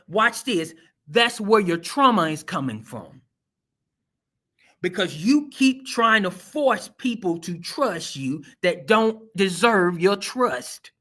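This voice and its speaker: A man's voice: sits high, expressive, slow, pushed and bright. A man hosting and preaching a sermon-style motivational talk, emphatic and folksy, with a repeating preaching cadence. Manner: folksy, colloquial and direct. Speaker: host and preacher.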